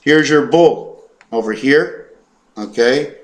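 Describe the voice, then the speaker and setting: A man talking to camera in a rambling monologue, stumbling over his words, correcting himself and reeling off long strings of numbers. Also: mid-range voice. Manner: hesitant, stumbling, full of fillers and self-corrections; fast, run-on counting and reciting of numbers. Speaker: vlogger.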